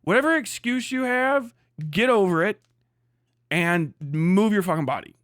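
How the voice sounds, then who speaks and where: A man with a high-pitched voice delivers a blunt, profanity-heavy livestream rant. His voice is recorded close and dry, with no room sound around it. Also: unhurried, a bit bright, no room sound. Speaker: streamer.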